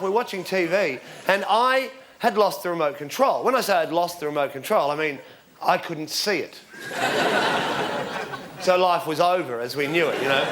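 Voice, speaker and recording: An Australian man in his forties doing stand-up comedy, telling rambling deadpan stories with sudden shouted punchlines. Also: sits high, noisy background. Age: 40s. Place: theatre stage with live audience. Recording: live show with loud crowd laughter.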